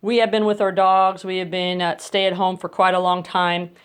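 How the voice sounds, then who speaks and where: A woman's voice: fairly low pitch, level tone, normal speed, clear, resonant tone. A woman dog trainer explaining crate training step by step at home, switching to coaxing praise for her dogs, recorded on a phone. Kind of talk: instructional demonstration. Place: home bedroom, indoors. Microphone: phone camera.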